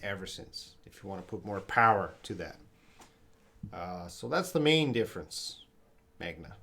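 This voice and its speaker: A man's voice: sits low, sing-song, normal speed, gravelly, bright, forceful tone. A man teaching English on a casual livestream, reading viewer questions aloud and explaining them with example sentences. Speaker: English teacher answering live chat questions.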